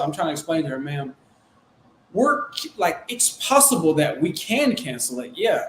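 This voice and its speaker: A man casually recounting a business deal and acting out the quotes in an animated way. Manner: animated, acts out quotes in a high excited voice. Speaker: real estate wholesaler. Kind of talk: casual storytelling chat. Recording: echoey room with faint noise.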